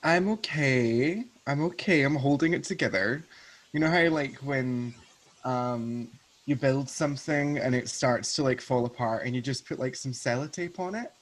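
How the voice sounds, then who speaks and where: Scottish guest, Glasgow accent, chatty and self-deprecating, mid-pitched, heard over a video call. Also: male voice, moderate pace. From Scotland. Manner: chatty, self-mocking, swears casually. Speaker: guest, drag performer. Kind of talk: casual chat.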